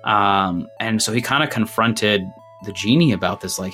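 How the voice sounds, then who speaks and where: Over soft background music, a man with a fairly low, sharp-toned voice speaks at a moderate pace as game master of a tabletop game. Slightly out of breath, he rambles through a recap and rule changes, interrupting himself and laughing at his own jokes.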